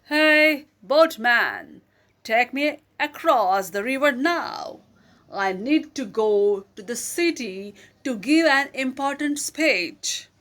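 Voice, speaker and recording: A woman's voice: high voice, expressive, slow, fairly bright tone, heavily acted. A woman voicing a proud, rude old male teacher who speaks in a commanding, scolding tone.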